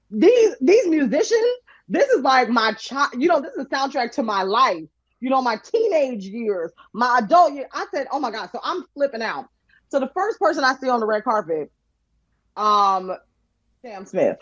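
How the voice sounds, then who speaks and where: Female podcast guest, animated storyteller, bright high voice that leaps around; dry, slightly muffled recording. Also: a little slow, dry recording. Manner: lively, laughing, acts out quotes in shifting voices.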